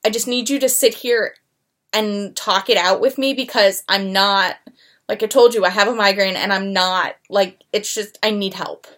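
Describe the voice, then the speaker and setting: A woman's voice: medium pitch, fairly even intonation, moderate pace, a bit bright. A young woman co-hosting a podcast, chatting casually and telling stories, voicing the people in them as she goes. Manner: chatty storyteller, acts out coworkers' lines. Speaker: podcast co-host. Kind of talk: casual chat.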